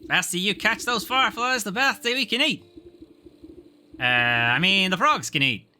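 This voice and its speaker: A man's voice: sits high, sing-song, moderate pace, pushed and bright, pitched above the performer's own voice, heavily acted. A man putting on a brash rustic scamp. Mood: boastful. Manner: rustic slangy swagger, wheedling and brash. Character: scruffy cocky young frog-keeping boy.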